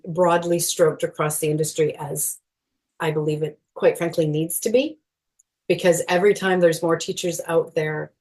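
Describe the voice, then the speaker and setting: Middle-aged woman, podcast guest, low-ish pitch, earnest and animated, laughs lightly, uses lots of fillers. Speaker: guest, movement educator. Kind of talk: podcast interview.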